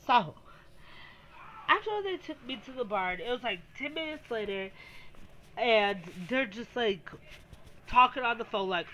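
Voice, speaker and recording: A woman's voice: fairly high pitch, lively intonation, unhurried, long pauses, bright, forceful tone, a little hiss or hum, rough recording. A woman telling a storytime vlog, rambling and filling her speech with "like". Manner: rambling, heavy use of "like" fillers. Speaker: vlogger.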